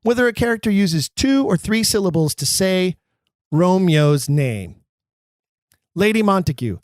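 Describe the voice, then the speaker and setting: Sitting high and expressive, the male host's voice moves unhurriedly through an explanation of Shakespearean verse for actors. He is emphatic, with wry self-deprecating asides, and the studio-quality recording is dry.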